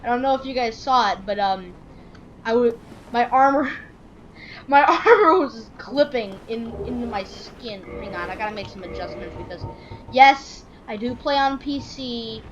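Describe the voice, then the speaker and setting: A woman's voice: on the high side, expressive, normal speed, highs cut off. Rambling joking gamer woman. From Michigan. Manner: rambling, joking, laughs often. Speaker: gaming channel host. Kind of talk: casual let's-play commentary.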